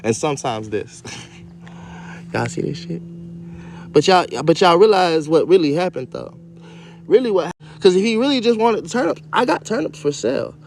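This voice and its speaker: A man casually reading a children's story aloud and breaking off into loud, profane, joking commentary. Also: sits high, very animated, normal speed, gravelly, long pauses, a little hiss or hum. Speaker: radio show host reading to kids.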